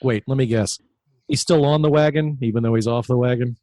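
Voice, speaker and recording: A man playing a tabletop role-playing game, making dry, quick-witted remarks and giving his character's lines. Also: mid-range voice, warm tone, no echo. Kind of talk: casual in-character play.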